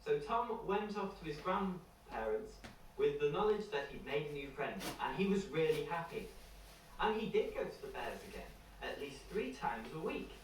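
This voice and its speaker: A man's voice: a little high, a little hiss or hum. A man narrating a children's story in a playful way, with a moral at the end, in an echoey room heard from far off. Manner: slow, lively, playful.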